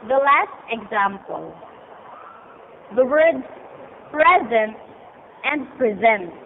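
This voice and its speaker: A woman student presenter slowly reading out a lesson in a careful, halting way. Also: on the high side, very animated. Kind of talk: slow read-aloud lesson. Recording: tinny phone-like sound, faint noise.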